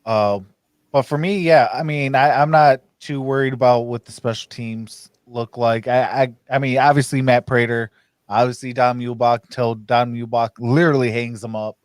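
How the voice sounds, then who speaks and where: A man hosting a casual sports podcast, talking fast with frequent restarts and laughs. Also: mid-range voice, steady tone, dry recording, studio quality. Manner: stammers and restarts, laughs often. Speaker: podcast host.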